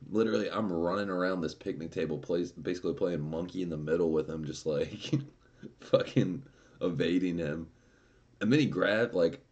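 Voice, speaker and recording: A man's voice: low voice, a little mellow. A man streaming, casually telling a story with lots of swearing and laughter. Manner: profane and laughing.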